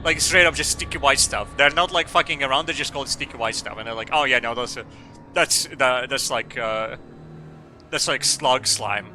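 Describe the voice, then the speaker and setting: Bright-voiced joking male streamer. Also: medium pitch, normal speed, soft background music. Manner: crude joking, rambling with many fillers. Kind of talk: casual gaming commentary, reading game dialogue aloud.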